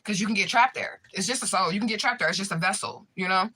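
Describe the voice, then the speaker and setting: A woman talks casually to her viewers, spinning an animated story laced with profanity and fillers. Her voice is bright and sharp, at a middle pitch. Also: fast, husky. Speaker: spiritual reader and vlogger. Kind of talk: casual live chat to viewers.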